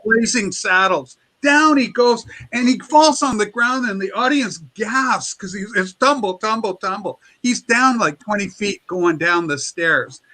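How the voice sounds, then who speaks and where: Guy hosting a chat, high bright voice, acts out the quotes. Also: measured pace, hardly any pauses, low-quality recording. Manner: lively anecdotes, acts out quotes. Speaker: show host. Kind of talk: casual chat, animated storytelling.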